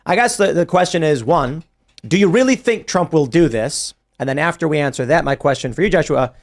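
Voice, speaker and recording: A man hosting a political podcast, quick and wry as he leads the talk. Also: on the high side, animated. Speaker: podcast host. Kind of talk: casual political chat.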